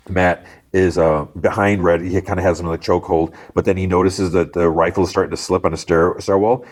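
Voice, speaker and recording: A man's voice: low voice, steady tone, brisk, few pauses. A man hosting a podcast, casually recapping a TV episode and quoting the characters in raised voices, with lots of fillers. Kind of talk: casual recap, acting out dialogue.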